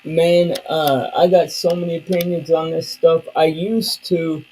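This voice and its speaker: A man's voice: on the high side, fairly even intonation, measured pace, mellow, slight background noise, rough recording. A man streaming live, chatting casually and loosely with his viewers in slang. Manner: loose, slangy and rambling, talking to chat. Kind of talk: casual chat.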